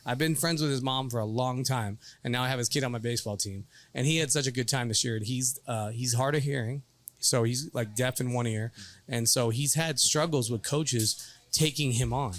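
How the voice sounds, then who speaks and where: A man in his thirties hosting a casual bar chat show, telling stories in a rambling, animated way. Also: medium pitch, a little fast. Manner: rambling, animated storytelling with quoted voices. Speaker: podcast host and youth baseball coach.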